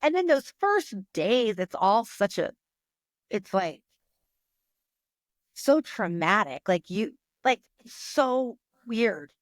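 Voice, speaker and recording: A woman's voice: medium pitch, very animated, slow, pauses often, no room sound, clean studio sound. A woman hosting a podcast, speaking casually and emotionally as she tells a personal story, with frequent "like" fillers. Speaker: podcast host. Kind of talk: casual conversation.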